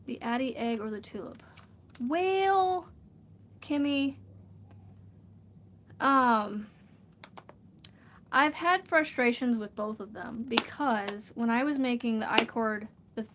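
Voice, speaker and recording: Chatty woman vlogging at home, slight hiss. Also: a little high. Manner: chatty, rambling, laughs often. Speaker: crochet vlogger. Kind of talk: casual livestream chat while crafting.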